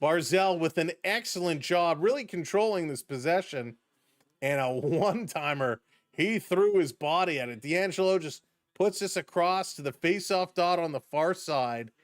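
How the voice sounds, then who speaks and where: A man calling live hockey play-by-play on a stream, quick and excitable, chatting with viewers between plays. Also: a little high, dry recording, clean studio sound. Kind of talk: hockey play-by-play commentary with chat shout-outs.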